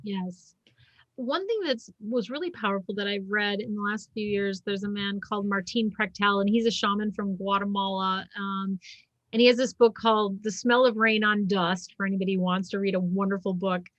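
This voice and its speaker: A woman's voice: medium pitch, fairly even intonation, moderate pace, a bit bright, dry recording, dull audio. A middle-aged woman talking as a podcast guest, telling stories earnestly with many likes and you-knows. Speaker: podcast guest, shamanic healer and former physician. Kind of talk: casual interview chat. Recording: dry close sound.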